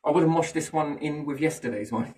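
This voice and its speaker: A man's voice: on the high side, brisk, warm tone. A man musing in a casual chat, rambling from thought to thought and often asking rhetorical questions. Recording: voice a bit far from the mic.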